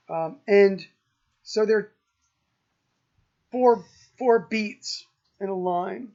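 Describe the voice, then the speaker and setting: Slow, halting male lecturer. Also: sits high, gravelly, dark tone, muffled recording. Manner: halting, many ums and restarts, slow and thoughtful. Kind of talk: university lecture.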